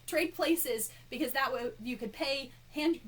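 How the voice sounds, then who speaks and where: A woman's voice: sits high, unhurried, fairly bright tone. A woman host from Florida telling a story in casual chat, giggling often and talking in chatty, restarting bursts. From Florida, United States. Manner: giggly, laughs often between phrases; chatty, many fillers and restarts. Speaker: podcast co-host.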